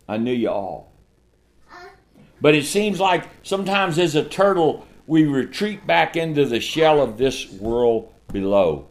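A man preaching a sermon, swinging from shouted lines to hushed ones and laughing often. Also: mid-range voice, big pitch swings, measured pace.

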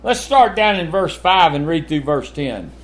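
An older man preaching a sermon, animated and full of rhetorical questions, with chuckling asides. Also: fairly high pitch, a little slow.

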